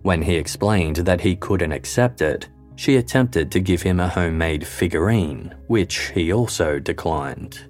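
A man giving scripted true-crime narration in a measured, even documentary delivery. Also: sits low. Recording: faint music bed underneath.

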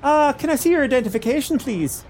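A man's voice: extremely high pitch, lively intonation, fast, darkish tone, slight background noise, pitched above the performer's own voice. A man voicing a polite, officious male studio security guard with a fussy manner. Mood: polite refusal.

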